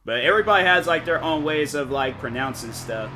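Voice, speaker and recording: On a live stream with game music behind him, a man rambles casually, full of filler words and restarts. His voice is on the high side, expressive, fairly quick, bright and forceful, with slight background noise.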